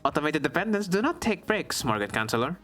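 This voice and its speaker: A chirpy machine receptionist that cannot stop pitching subscriptions, as a man puts it on, high and quick and relentlessly polite. Soft game music runs underneath. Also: very animated. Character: chirpy robotic police-station assistant, eager to advertise.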